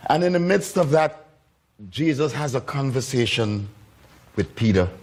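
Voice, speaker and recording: A man's voice: mid-range voice, expressive, measured pace, darkish tone. A man preaching a sermon, telling a story with repeated phrases and acting out the voices of the people in it. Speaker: pastor.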